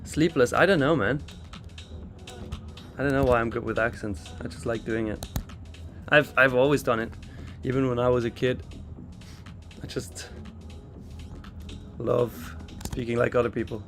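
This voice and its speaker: A man's voice: medium pitch, steady tone, unhurried, pauses often, fairly bright tone, soft background music. A man raised in Switzerland hosting a live trading stream, giving casual market commentary and answering viewer chat. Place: in London for a trading expo.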